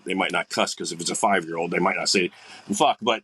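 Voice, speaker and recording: An older man, a guest musician, chatting on a podcast in a rambling, animated way. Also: deep voice, a little fast, a little hiss or hum. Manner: rambling, animated, acts out quoted people. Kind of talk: casual podcast chat.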